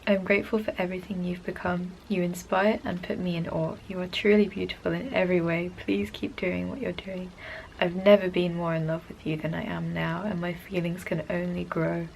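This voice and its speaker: Gushing young woman with a gravelly voice. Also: lowish voice, little pitch movement, brisk, a little mellow, a little hiss or hum, poor audio. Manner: gushing, emotional, rambling. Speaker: fan vlogger. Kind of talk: personal diary vlog.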